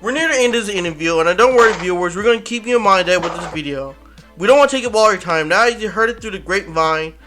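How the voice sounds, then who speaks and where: A man's voice: sits high, expressive, quick pace, bright, forceful tone, faint music behind. A man hosting a casual interview, rambling and often restarting his sentences. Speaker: interview host.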